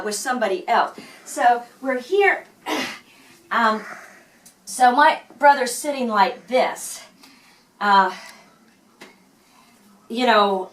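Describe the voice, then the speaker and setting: A woman's voice: a little high, a bit bright. A woman in her sixties telling a personal story casually, with many fillers and restarts. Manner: rambling, many fillers and restarts, acts out quoted voices. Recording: voice from far off the mic.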